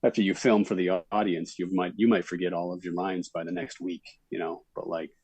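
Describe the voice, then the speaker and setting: A middle-aged man from Minnesota, a guest actor, telling stories in a relaxed interview chat with many fillers. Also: sits low, a little fast, breathy edge, no room sound, poor audio.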